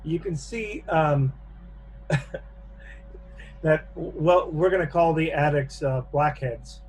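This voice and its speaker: Halting game master narrating horror. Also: male voice, on the high side, darkish tone, slight background noise. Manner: halting narration with many fillers. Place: home, on a video call.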